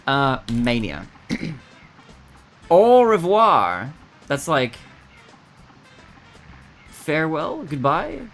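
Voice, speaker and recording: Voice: mid-range voice, fairly bright tone. A streamer thinking aloud while solving word puzzles, muttering guesses and laughing often.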